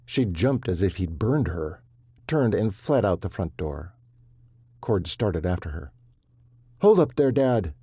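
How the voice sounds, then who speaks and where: Husky, warm male audiobook narrator. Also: low-pitched, no room sound, studio quality. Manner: measured, steady storytelling.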